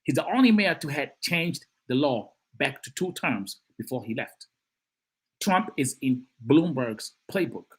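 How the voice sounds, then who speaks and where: A man hosting a live-stream of political commentary, animated and emphatic, who repeats phrases and greets and reads out chat comments. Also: mid-range voice, unhurried, slightly rough.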